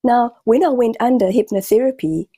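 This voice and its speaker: A woman speaks with a warm, mellow tone on a dry, close recording. She talks as a podcast guest and healer. Her sentences often stall and start over while she gropes for the right words. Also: fairly high pitch, animated, husky, dry recording. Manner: halting, searching, frequent restarts. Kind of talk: podcast conversation.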